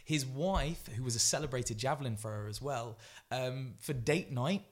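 A man who is a guest athlete on a podcast, telling stories in an animated way, acting out quotes, with frequent fillers and restarts. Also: mid-range voice, normal speed. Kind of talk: storytelling podcast chat.

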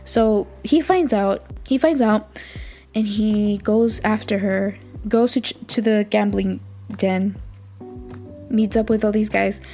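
A woman hosts a casual podcast, talking at mid pitch. She chats along eagerly, laughs often and leans on "like" as she recaps. Faint music plays behind her. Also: slow, mellow. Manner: chatty, gushing, laughs often, fills with "like". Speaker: podcast host.

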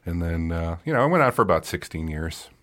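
Brief: man playing a low, relaxed, offhand historical-figure parody, improv comedy. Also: fast. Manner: laid-back, offhand, rambling. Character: deadpan mock version of an Indian independence leader.

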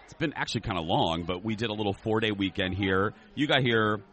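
A man's voice: lowish voice, fast talker, a bit bright. A man co-hosting a podcast, chatting and joking as he rambles through stories, recorded on location in a restaurant. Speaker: podcast co-host. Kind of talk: casual chat. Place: themed restaurant.

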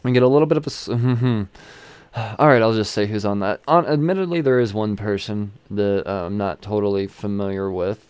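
A man's voice: on the low side, normal speed, darkish tone, smooth, no echo. A man casually recapping a comic issue, rambling, swearing freely and chuckling as he goes. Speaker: comic book reviewer.

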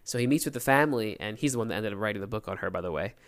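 Man telling a lively story, smooth voice. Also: on the low side, very fast. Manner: animated storyteller acting out quotes. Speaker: podcast co-host. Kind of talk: casual storytelling chat.

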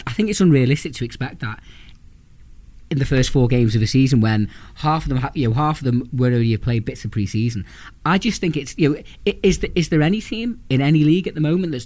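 A man's voice: medium pitch, darkish tone, no echo. Hesitant man in a dry room. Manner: thoughtful, hesitant, many restarts. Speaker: podcast co-host. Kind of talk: casual football chat.

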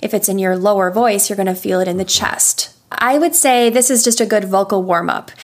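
A young adult woman speaks as a voice coach in a podcast interview. Her delivery is patient and explanatory, and she takes her time to make each point clear. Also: medium pitch, fairly quick. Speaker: voice coach and session singer. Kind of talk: instructional interview answers.

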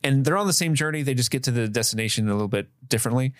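A man co-hosting a casual film review podcast, lively and quick to laugh, sharing movie trivia. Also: mid-range voice, dry recording, clean studio sound. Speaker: podcast co-host.

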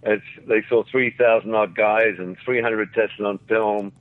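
Heard on a phone-like radio line, this older Australian-accented man speaks fairly low, steady and a little slow. A former actor appearing as an interview guest, he tells meandering stories, laughs softly and acts out the lines he quotes.

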